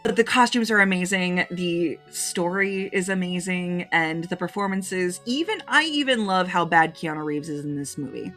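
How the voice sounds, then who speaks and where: Gushing woman reviewing films, lowish voice. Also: animated, normal speed, few pauses, a bit bright, soft background music. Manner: gushing and openly emotional. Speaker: movie reviewer. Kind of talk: casual list review to camera.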